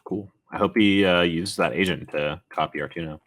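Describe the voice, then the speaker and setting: A man's voice: low-pitched, fairly even intonation, moderate pace, fairly bright tone. A man co-casting a board game stream, laid-back and jokey. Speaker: co-caster. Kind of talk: casual board game commentary.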